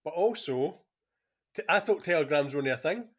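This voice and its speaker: A man co-hosting a casual film chat, relaxed and sharing trivia. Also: fairly high pitch, a little fast. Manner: relaxed, shares trivia, laughs often. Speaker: podcast co-host.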